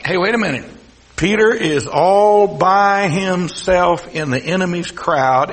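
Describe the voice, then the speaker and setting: Brief: Texas-accented male pastor, folksy sermon, high voice, long hall reverb. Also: gravelly. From South Texas. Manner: folksy preaching, swings from loud to hushed.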